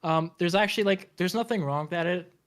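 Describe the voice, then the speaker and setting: Higher-voiced man, hesitant casual host. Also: fast talker. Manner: hesitant, lots of fillers, repeats himself. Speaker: host reviewing video edits. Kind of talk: casual podcast chat.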